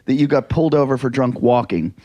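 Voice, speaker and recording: A man's voice: mid-range voice, fast, lo-fi sound. A man hosting a casual podcast, teasing his co-host and laughing often.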